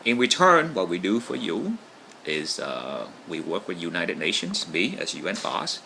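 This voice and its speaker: A man's voice: low voice, animated, measured pace, creaky, noisy background. A man talking casually to camera in a rambling monologue, often checking in with "right?". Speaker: vlogger.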